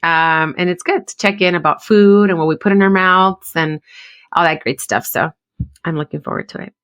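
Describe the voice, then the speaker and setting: A woman's voice: lowish voice, normal speed, fairly bright tone. A woman in her thirties co-hosting a podcast, speaking heartfelt and mixing English with Spanish. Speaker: podcast co-host. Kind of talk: casual chat.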